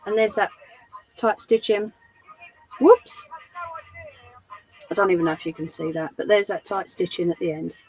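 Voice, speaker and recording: A woman hosting a live sewing tutorial, chatting to her viewers as she works, her voice going a little hoarse. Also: on the low side, a little fast, faint music behind, low-quality recording. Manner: chatty, talks to live chat while demonstrating. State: losing her voice. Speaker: craft livestream host.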